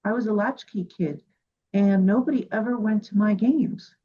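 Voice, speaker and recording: A woman's voice: mid-range voice, moderate pace, slightly rough. A woman from Cuba hosting a radio interview, telling heartfelt stories in a casual, earnest way. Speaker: radio show host. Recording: dull lo-fi recording.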